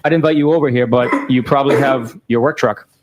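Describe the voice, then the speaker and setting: Man flatly reading texts in court. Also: mid-range voice, fairly quick. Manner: flat, matter-of-fact reading, timestamps read aloud. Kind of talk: reading text messages aloud in court.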